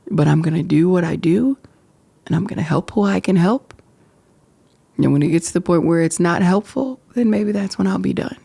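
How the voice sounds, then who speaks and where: A woman hosting her own podcast, speaking candidly and reflectively to the camera, emotional and halting at times. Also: lowish voice, creaky, dark tone, husky, no echo. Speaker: podcast host. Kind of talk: candid personal talk to camera. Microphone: camera framing.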